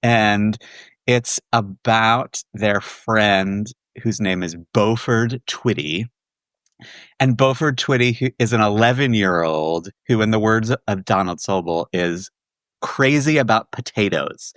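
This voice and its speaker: A man in his forties from the Washington, D.C. area, chatting as a guest on a podcast. He tells his story in an animated way and breaks into laughter often. His voice is a bit low, and the sound is close and dry. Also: slow, no echo. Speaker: guest, musical theater writer. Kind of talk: casual podcast chat.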